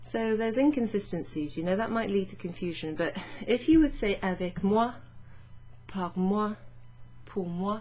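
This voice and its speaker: A woman teaching French grammar in a patient, chatty way, reading French phrases slowly and explaining them. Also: mid-range voice, animated, mellow. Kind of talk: casual explanatory lesson.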